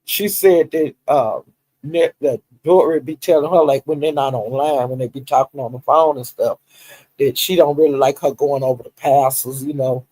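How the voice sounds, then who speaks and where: A man's voice: mid-range voice, normal speed, dry recording, rough recording. A man chatting casually on a livestream, retelling online drama with laughter and acted-out quotes. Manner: animated, laughing storyteller who acts out quotes. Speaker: livestream commentator. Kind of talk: casual gossip commentary.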